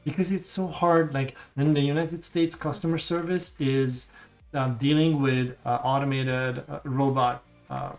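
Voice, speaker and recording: A man's voice: medium pitch, steady tone, a little slow. A man co-hosting a livestream, telling a story in rambling casual chat with many restarts. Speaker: co-host of a hardware livestream.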